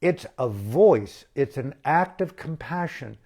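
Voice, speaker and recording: A man giving an impassioned spoken address as an activist, slow and emphatic, with dramatic pauses and repeated phrases. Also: medium pitch, expressive, a little mellow. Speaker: activist speaker.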